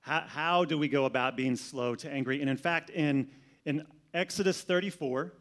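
At a normal speed and slightly high pitch, a man preaches as a pastor in a conversational style. He repeats words as he goes and alternates between loudness and softness.

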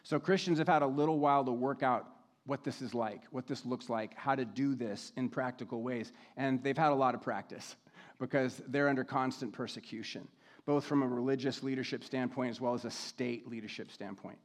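Man preaching a measured sermon. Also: medium pitch. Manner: measured, slows to read scripture. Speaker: pastor.

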